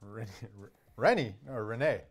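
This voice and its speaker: A man hosting a relaxed chat show, talking in an easygoing, offhand way. His pitch swings around a lot as he talks. He sounds like he's working with his hands while he chats. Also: normal speed. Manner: lively, easygoing, bursts out loudly when hurt. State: nursing a sore finger. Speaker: show host. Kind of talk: casual chat while putting names on a wall.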